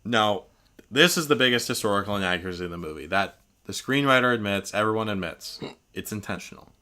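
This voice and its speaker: Podcast co-host, male, lower pitch, tense bright tone, detail-heavy enthusiast. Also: expressive, fast talker. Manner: enthusiastic, explains film history in detail. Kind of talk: casual film discussion.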